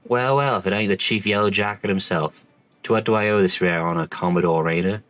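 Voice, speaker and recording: A man voicing a rough, slangy tavern keeper in a game, with a put-on accent. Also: lowish voice, a little fast, a bit bright, faint music behind, lightly acted. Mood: mocking. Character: rough salty male tavern keeper, middle-aged. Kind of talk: reading game dialogue aloud in voices.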